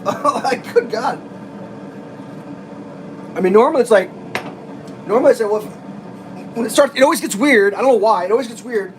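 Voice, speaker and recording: A man's voice: very high-pitched, normal speed, pauses often, noisy background. A man vlogging from his kitchen, telling an exasperated, rambling story with frequent restarts and laughs. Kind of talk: casual storytelling rant. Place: home kitchen, making breakfast.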